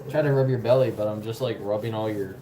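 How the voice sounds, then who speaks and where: A man's voice: fast talker, warm tone, a little hiss or hum, rough recording. A man talking casually to his dog and her puppies at home, coaxing and playful. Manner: coaxing, playful, talks to the dog in a high baby voice at times. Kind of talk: casual talk to pets.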